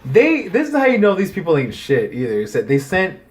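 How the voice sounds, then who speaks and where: A man with a somewhat high voice tells a story in casual podcast chat. He swears freely and slips into the voices of the people he describes. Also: huge pitch swings, fairly quick, crowd noise. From United States. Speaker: podcast co-host.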